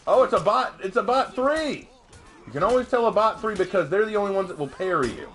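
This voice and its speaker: Excitable man chatting through a game stream. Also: high voice, fairly quick. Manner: chatty, excitable, laughs often, talks to himself. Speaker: game streamer reading chat. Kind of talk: live gameplay commentary.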